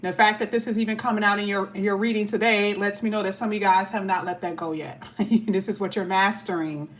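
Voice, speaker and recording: A woman reading tarot cards in a loose, chatty way, leaning hard on her points. She slows down and stretches the words she wants to stress. Her voice sits at a middle pitch. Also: fairly even intonation. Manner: chatty, emphatic, drawls key words. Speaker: tarot reader.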